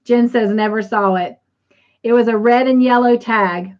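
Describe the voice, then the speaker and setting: A woman hosts a casual livestream, chatting and reading out viewer comments. She speaks slowly with a slightly high voice. The sound is a bit dull and lo-fi. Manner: chatty, says "y'all", reads comments aloud. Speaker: livestream host. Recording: slightly dull lo-fi stream audio.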